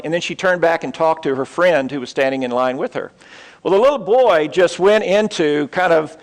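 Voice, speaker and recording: A middle-aged pastor with a high-pitched voice preaches a sermon in a large church auditorium. He tells a story, pausing and making asides to the congregation.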